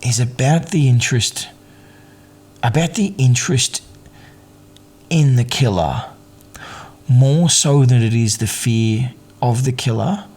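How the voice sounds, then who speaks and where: A man's voice: mid-range voice, slow, long pauses, a little mellow. A man hosting a solo film commentary in a casual, rambling way, with many fillers and restarts and a wry, amused tone. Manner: wry, amused at the film's absurdities. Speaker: podcast host, film commentator.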